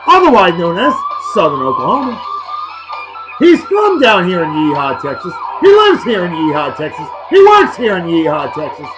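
A man's voice: high voice, wildly swooping pitch, normal speed, dull audio, music in the background. A man, hosting a casual beer-review vlog in a boisterous, joking, rambling way. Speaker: host.

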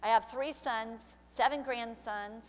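A woman's voice: fairly high pitch, steady tone, unhurried, big-room sound. An older woman pastor preaching a sermon, emotional and tearful, slipping into prayer. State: crying. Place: church sanctuary.

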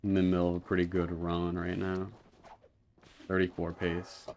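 Low-voiced man muttering gameplay commentary. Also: monotone, normal speed, a little hiss or hum. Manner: quiet, mumbled asides with sudden loud frustrated swearing. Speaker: speedrunner streaming his run.

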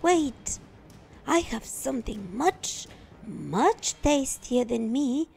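A woman voicing a high, eager young boy. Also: big pitch swings, slow, vocal fry, darkish tone, slight background noise, exaggerated voice. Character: young boy hero, bold and frightened. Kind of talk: storybook reading.

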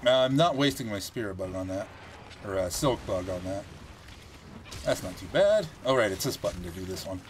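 A man giving casual gameplay commentary, chatty and thinking aloud as he plays, with animated reactions. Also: lowish voice, moderate pace, slight background noise.

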